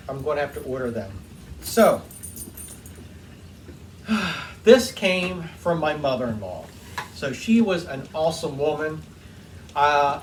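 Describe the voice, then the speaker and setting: Male workshop host, slightly high voice, warm rambling storyteller, distant mic with faint noise. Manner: heartfelt, rambling, with frequent ums. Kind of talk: casual storytelling while cleaning. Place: home workshop.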